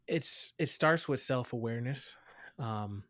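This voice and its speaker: A man's voice: medium pitch, a little slow, fairly bright tone, no echo, clean studio sound. Earnest man talking with many restarts. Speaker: guest, equity educator. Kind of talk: interview conversation.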